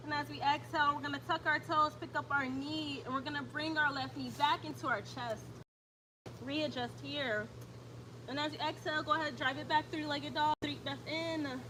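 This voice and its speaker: A woman guiding a yoga stretch routine with steady breathing cues and casual asides. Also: high-pitched, normal speed, background noise. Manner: calm breath cues, chatty when reading comments. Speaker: yoga instructor. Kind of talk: guided yoga instruction.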